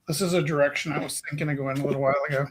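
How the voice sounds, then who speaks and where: A man's voice: a little high, steady tone, very fast, background noise. A man hosting a live art stream, chatting casually while he draws and drifting playfully between half-finished thoughts. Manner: rambling, playful, trails off mid-thought. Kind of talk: casual chat while drawing.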